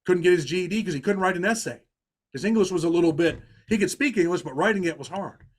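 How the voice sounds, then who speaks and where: A middle-aged man with a New York accent and a high-pitched, lively, fast voice guests on a podcast interview. He tells long stories earnestly in street talk, full of "you know" and restarts.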